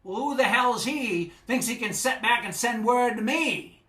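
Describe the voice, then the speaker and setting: A man's voice: extremely high pitch, animated, unhurried, bright, forceful tone, pitched above the performer's own voice, heavily acted. A man voicing a grumpy, stubborn fisherman who talks back bluntly and swears. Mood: gruff, defiant. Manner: blunt and cussing. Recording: echoey live stage.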